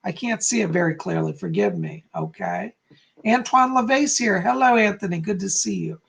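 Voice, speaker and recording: A man's voice: high voice, big pitch swings, gravelly. A man hosting a live astrology stream, reading out viewer comments in a chatty, encouraging way. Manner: chatty and encouraging, speeds up and slows down; laughs at himself, easily sidetracked.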